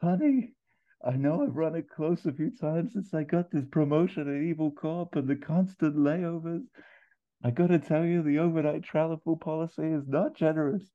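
A man voicing a badly wounded henchman father who talks in a high, squeaky, strained voice. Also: moderate pace, close to an everyday voice. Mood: pained. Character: bleeding wounded henchman father, pained and earnest. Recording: tinny phone-like sound.

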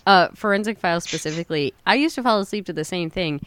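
A woman's voice: fairly low pitch, lively intonation, fast talker, a bit bright, slight background noise. A woman chatting easily on a podcast. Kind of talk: casual podcast chat.

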